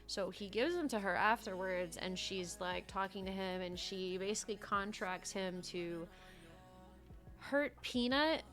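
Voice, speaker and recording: A young woman livestreamer in casual chat, telling stories in a chatty, animated way and swearing freely. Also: medium pitch, slow, soft background music.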